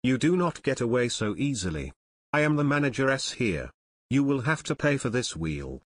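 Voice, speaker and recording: A man's voice: medium pitch, sing-song, moderate pace, no echo. A man doing an indignant French shopkeeper woman. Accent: French, put on. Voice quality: indignant, clipped. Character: haughty French woman shop manageress.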